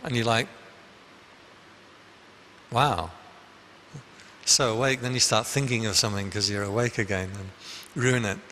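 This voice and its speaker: A man's voice: lowish voice, steady tone, a little fast, few pauses, pushed and bright, slight background noise. A man, a Buddhist monk, giving a conversational dharma talk full of anecdotes in a meditation hall. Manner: conversational, anecdotal, with frequent restarts.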